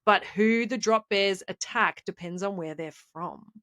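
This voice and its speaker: A woman's voice: mid-range voice, measured pace, a bit bright, dry recording. Aussie woman doing a podcast, playful mock-serious storytelling, dry close sound. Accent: Australian. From Australia. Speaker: podcast co-host.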